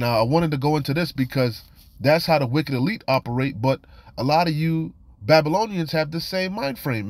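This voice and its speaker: A man teaching from scripture in a casual, admonishing way, often repeating "you know" and "man". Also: medium pitch. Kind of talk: informal scripture study and warning.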